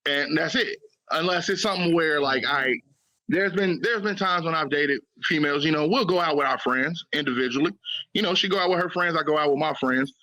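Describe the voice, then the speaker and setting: Podcast co-host, male, high bright voice, dry close sound, animated storyteller. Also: no echo, low-quality recording. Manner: animated, acts out quoted lines in character. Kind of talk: casual chat.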